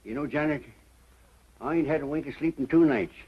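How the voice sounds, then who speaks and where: An actor playing a loud, brash older grandfather from the West with a folksy drawl and cackling laughs, in 1940s film acting. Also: fairly high pitch, brisk, husky. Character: loud brash old western grandpa, rowdy. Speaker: boisterous grandfather visiting family. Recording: muffled old film soundtrack with hiss.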